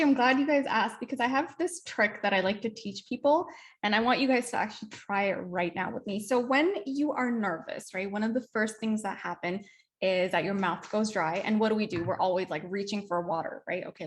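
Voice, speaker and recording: A woman's voice: medium pitch, fairly quick. A young adult woman from Canada leading a speaking workshop over a video call. She acts out example phrases and keeps checking in with "right?". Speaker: workshop presenter. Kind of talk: online workshop teaching.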